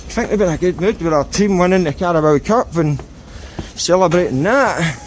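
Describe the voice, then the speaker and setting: A man's voice: high voice, expressive, a little fast, a little hiss or hum. A British man filming the police and talking to his viewers, mocking and indignant. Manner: mocking, indignant, talks to camera. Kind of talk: casual vlog commentary to viewers. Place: outdoors on a street.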